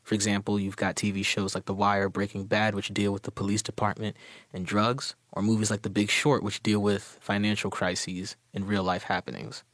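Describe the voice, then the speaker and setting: Guy giving a short prepared talk, lowish voice, dry close sound. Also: level tone, moderate pace, a bit bright, no echo. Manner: confident, with scripted sign-off. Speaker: student media presenter. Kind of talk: prepared spoken commentary.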